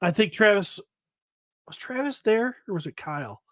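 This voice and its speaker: A man with a high speaking voice tells stories animatedly on a podcast. He swears freely and acts out everyone's lines himself. The recording is close and dry. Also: moderate pace, no room sound. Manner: animated storyteller, profane, acts out dialogue. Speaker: podcast co-host. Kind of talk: casual podcast banter.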